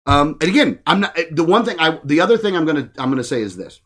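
A man's voice: on the high side, fairly quick, husky. A man hosting a casual political podcast, talking bluntly and swearing freely as he rants. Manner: blunt, profane, animated ranting. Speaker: podcast host.

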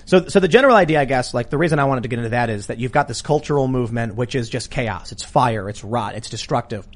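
A man hosting a talk show, arguing politics in a casual, animated way. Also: medium pitch. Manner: animated, argumentative, quick asides. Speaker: podcast host.

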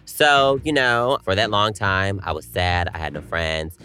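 A man's voice: low-pitched, animated, measured pace, sharp tone, soft background music. A young man from North Carolina co-hosting a casual chat, candidly telling stories and acting out what people said. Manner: candid, storytelling with acted-out quotes. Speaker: podcast co-host.

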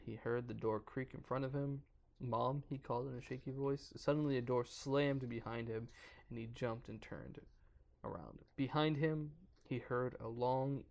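A man's voice: mid-range voice, creaky. A man on a podcast casually reading a creepypasta aloud, stumbling over words and breaking off to joke. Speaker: podcast co-host reading a horror story.

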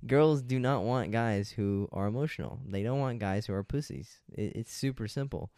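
A man's voice: mid-range voice, normal speed, warm tone, no room sound, clean studio sound. A young man giving blunt dating advice in a casual monologue, lecturing with slang like "dude" and "like".

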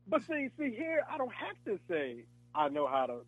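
Lively, animated male actor telling stories. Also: high-pitched, moderate pace, no echo, lo-fi sound, soft background music. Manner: animated storyteller, acts out voices and laughs often. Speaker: actor, interview guest. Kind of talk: casual interview chat.

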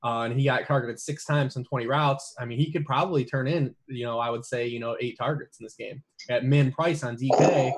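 A man's voice: mid-range voice, steady tone, brisk, hardly any pauses. A man talking through fantasy football picks in a casual podcast chat, with lots of fillers and restarts. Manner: rambling, many fillers and restarts.

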